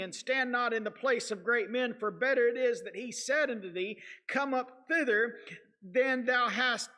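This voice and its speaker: A man's voice: very high-pitched, bright, forceful tone. A man with a Southern US accent teaching a Sunday school lesson in a church, earnest and repetitive, with frequent restarts and fillers. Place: church sanctuary.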